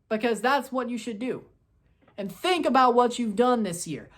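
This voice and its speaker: A man's voice: lively intonation, normal speed. Fired-up male soccer fan ranting. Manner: repetitive, scolding, swings between loud outbursts and low grumbles. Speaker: soccer fan video host. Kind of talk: post-match review rant.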